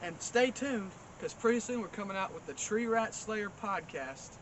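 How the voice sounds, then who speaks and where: A man's voice: sits high, lively intonation, normal speed, low-quality recording. A man hosting a comedy show, rambling in a folksy, mock-boastful way. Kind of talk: deadpan comedic monologue. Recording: loud outdoor background noise.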